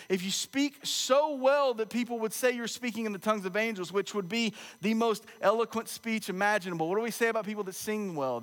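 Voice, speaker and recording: A man's voice: high voice, a bit bright. A man in his thirties preaching a sermon as pastor, mixing scripture with funny family stories in a conversational way. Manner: conversational, humorous storytelling preacher. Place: church sanctuary. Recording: long echo of a large church hall.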